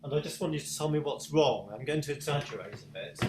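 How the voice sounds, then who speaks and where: Over a video call from an echoey room with piano, a man with a British accent teaches an online piano masterclass. His voice is a little high and quick, and he asks patient questions while encouraging his student.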